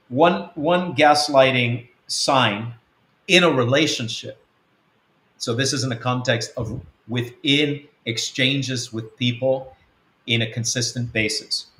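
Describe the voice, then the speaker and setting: A man's voice: mid-range voice, fairly bright tone. Earnest man teaching in an echoey room. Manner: earnest, counts through points with many restarts. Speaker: apostle of a web church. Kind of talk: teaching talk answering a question.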